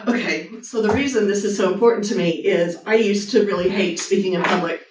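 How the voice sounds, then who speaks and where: A woman's voice: medium pitch, brisk, hardly any pauses, a little hiss or hum. A woman, a surgeon giving a live motivational talk and speaking earnestly and directly to her audience. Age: 50s. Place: hospital meeting room with an audience. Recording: echoey room, mic at a distance.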